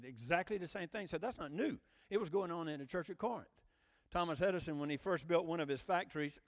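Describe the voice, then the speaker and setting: A man preaching a sermon in a conversational, emphatic way, often asking the listeners direct questions. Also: high voice. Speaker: pastor.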